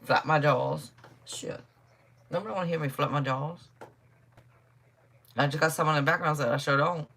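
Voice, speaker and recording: A woman's voice: low voice, fairly even intonation, moderate pace, vocal fry, long pauses, a bit bright. A middle-aged woman giving a live tarot reading in a casual, blunt, chatty way, swearing freely and laughing often. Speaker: tarot reader.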